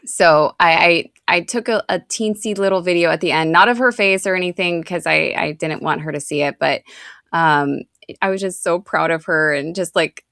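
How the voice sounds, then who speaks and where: A woman's voice: lowish voice, normal speed, vocal fry, a bit bright, no echo, studio quality. A woman in her thirties co-hosting a podcast, chatting casually and rambling with lots of fillers. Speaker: podcast co-host. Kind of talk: casual chat.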